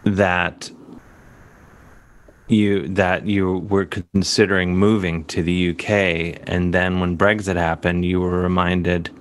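A man's voice: low-pitched, flat delivery, slow pace. A man from Cleveland hosting a comedy show, asking playful, teasing questions. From Cleveland, USA. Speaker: host. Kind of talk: casual comedic chat.

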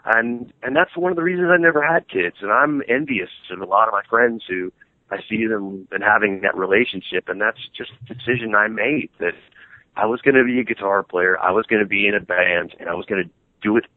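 Middle-aged guitarist guy rambling on, lowish voice, dry tinny line. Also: brisk, no room sound. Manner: rambling, animated, frequent restarts. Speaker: guitarist and band member, interview guest. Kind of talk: casual interview chat.

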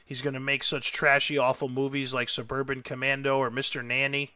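A man hosting a casual chat, telling a story with excitable, emotional energy and lots of rambling. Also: mid-range voice, fairly quick, smooth, no room sound. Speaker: podcast host.

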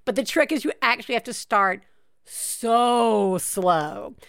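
A woman hosting an interview, a parent herself, chatty, bubbly and quick to laugh. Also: fairly high pitch, gravelly, fairly bright tone, clean tone, no echo, clean studio sound. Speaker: interview host. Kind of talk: casual interview chat.

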